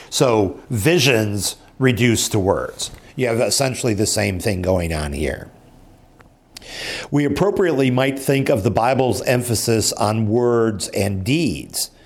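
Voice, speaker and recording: Low, husky man teaching a Bible class. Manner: conversational, with frequent fillers and self-corrections.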